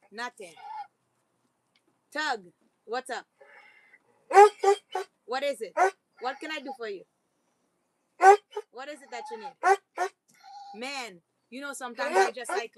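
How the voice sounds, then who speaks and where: High-voiced rambling woman vlogger. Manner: rambling, talks to her dogs mid-sentence. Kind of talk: casual spiritual chat.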